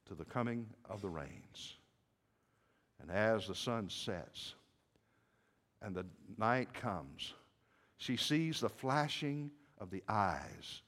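Slow, dramatic preacher with a lively voice. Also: male voice, lowish voice. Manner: swings from hushed to shouting. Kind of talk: dramatic sermon storytelling. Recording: echoey hall with long reverb.

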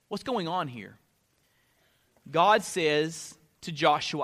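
Bright high-voiced preacher man. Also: animated, slow pace, pauses often. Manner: dynamic preaching, swinging from loud to hushed. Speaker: pastor. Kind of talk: sermon.

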